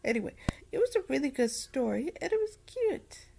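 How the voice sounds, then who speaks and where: A woman giving a casual anime review, rambling and repeating herself in an animated way. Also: high voice, brisk, creaky.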